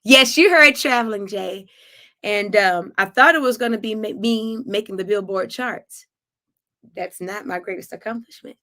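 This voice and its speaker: A woman's voice: mid-range voice, moderate pace, sharp tone. A middle-aged woman singer chatting effusively to viewers on her weekly livestream. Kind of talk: casual livestream chat.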